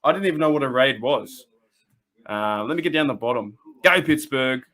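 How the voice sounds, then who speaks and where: An Australian man hosting a casual fan livestream, excitable and rambling, often restarting his sentences and laughing as he reads the chat. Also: medium pitch, fairly quick. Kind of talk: casual live-stream chat.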